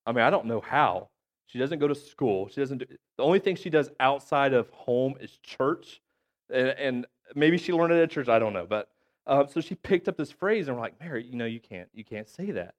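A pastor in his thirties with a cough delivers a chatty, conversational sermon in an animated, mid-range voice at a moderate pace. After nearly every point he checks in with the congregation using "okay?" and "right?".

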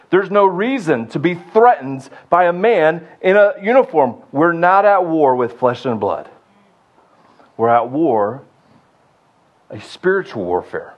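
A young adult man preaching a sermon, building to loud rallying shouts and then dropping low and intimate. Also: lo-fi sound. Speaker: pastor.

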